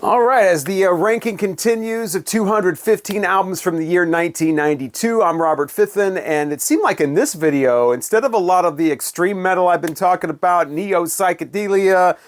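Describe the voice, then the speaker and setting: A man's voice: high-pitched, fairly quick, few pauses. A man reviewing albums in a casual, rambling way with many fillers and wry asides. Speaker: music reviewer.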